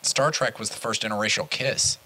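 A man's voice: on the low side, steady tone, fairly quick, pushed and bright, rough recording. A man co-hosting a podcast, chatting in a laid-back, hesitant way. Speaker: podcast co-host. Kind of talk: casual chat.

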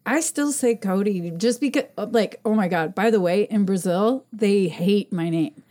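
A woman who chats casually as a podcast guest, telling animated, swearing stories and acting out what people said. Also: mid-range voice, a little slow. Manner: animated, swearing storyteller who acts out voices. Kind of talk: casual chat.

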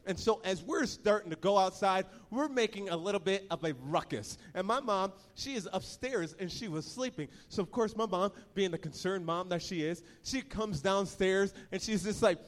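A young man telling a dramatic, animated story in a sermon to a large audience in a church hall. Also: high voice, normal speed, hardly any pauses. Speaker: preacher. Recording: long hall reverb.

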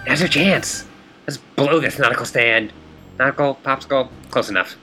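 A man's voice: mid-range voice, normal speed, sharp tone, soft background music, lightly acted. A man voicing a brash teenage troll girl who talks in slang and fish puns while reading game dialogue. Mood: cocky. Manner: cocky, slangy, pun-heavy.

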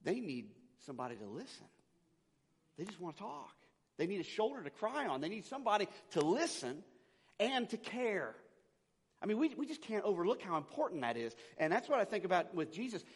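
A man, a pastor, preaching a conversational sermon that swings between loud emphasis and quiet, intimate asides. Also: high voice, animated, fairly quick. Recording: long hall reverb.

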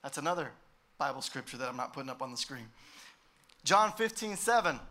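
A male pastor preaching a sermon in an emphatic way, with sudden swells in loudness. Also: medium pitch, expressive, brisk, long pauses.

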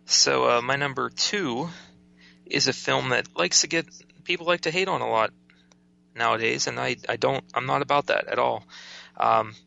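A man's voice: mid-range voice, moderate pace, creaky, pushed and bright, highs cut off. A man co-hosting a casual film podcast, defiant and enthusiastic about his favourites. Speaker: podcast co-host.

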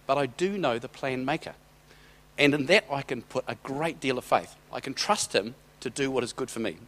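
This middle-aged church speaker, whose voice is medium-pitched and a bit bright, delivers a sermon framed as a personal story. He rambles conversationally and often restarts hesitantly.

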